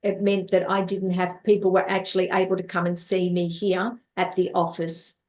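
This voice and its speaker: Woman life coach storytelling, low flat voice, keeps repeating herself, quotes people a lot. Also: moderate pace. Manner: repeats words, acts out quoted dialogue. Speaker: life coach and therapist guest. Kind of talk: storytelling in an interview.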